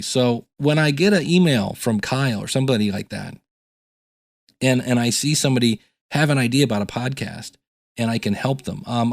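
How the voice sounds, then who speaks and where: A man's voice: mid-range voice, darkish tone, dry recording. Chatty man telling a story on a dry mic. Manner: storytelling, reads emails aloud. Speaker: podcast host and teacher. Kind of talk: casual solo podcast monologue.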